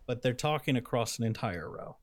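A man's voice: mid-range voice, lively intonation, a little fast, no echo. A man co-hosting a casual comedy chat, telling stories emphatically and rambling through restarts. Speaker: podcast co-host.

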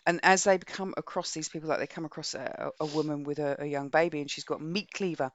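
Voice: mid-range voice, fairly even intonation, fast, dry recording. A podcast co-host recapping a book's plot in a casual, rambling way, with many restarts.

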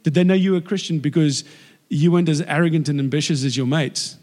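A man in his forties from South Africa, preaching by telling stories and acting out the voices of people in them. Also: quick pace. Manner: animated, acts out quoted voices with big pitch jumps. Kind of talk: sermon storytelling. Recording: long reverb of a large hall.

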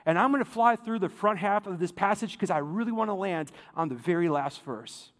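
A man with a high voice preaches a sermon in a relaxed, conversational way. He talks with lively asides and plenty of fillers. His voice rings out with the long echo of a large church hall. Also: brisk. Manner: casual, animated preaching with many fillers. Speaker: pastor.

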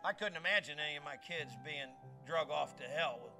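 An older man preaches a sermon as pastor, emphatic and conversational, building to shouted peaks. His pitch is fairly high, his speed normal, and faint music plays behind him.

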